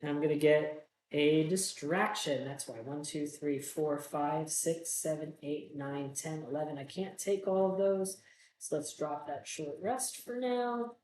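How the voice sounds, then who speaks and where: A man's voice: on the high side, expressive, unhurried, darkish tone. A man casually playing a solo tabletop game, reading gruesome card stories aloud and joking at his own bad luck, in a roomy, echoey room. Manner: self-mocking, groans about bad dice rolls. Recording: roomy echo.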